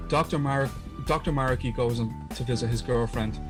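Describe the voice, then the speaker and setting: A man's voice: medium pitch, moderate pace, over music. A man co-hosting a podcast, earnestly retelling a story in casual chat, often restarting his sentences. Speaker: podcast co-host.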